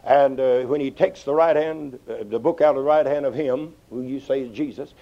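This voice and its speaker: A man preaching a sermon in an animated way, quoting scripture in old English wording and swinging his pitch widely. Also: normal speed. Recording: dull lo-fi old sermon tape.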